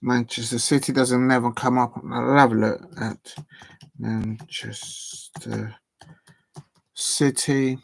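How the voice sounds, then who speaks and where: A man's voice: mid-range voice, little pitch movement, slow, vocal fry, no echo. A man hosting a football watch-along stream, chatting casually and muttering to himself as he types. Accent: South London English. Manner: rambling, muttering to himself while typing. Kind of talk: casual live-stream chat.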